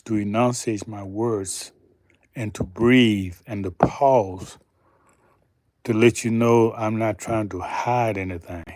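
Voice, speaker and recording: Guy ranting real slow n deliberate, lots of pauses, rhetorical questions, dry close sound. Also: mid-range voice, darkish tone, dry recording. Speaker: channel host. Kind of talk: slow deliberate commentary monologue.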